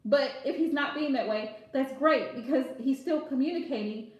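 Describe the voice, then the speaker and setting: A chatty woman with a high voice gives frank, casual advice on a live stream and laughs easily. Her voice bounces around a very echoey room. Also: moderate pace, lo-fi sound. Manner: chatty, direct, laughs often, calls viewers pet names. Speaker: live tarot reader answering viewer questions.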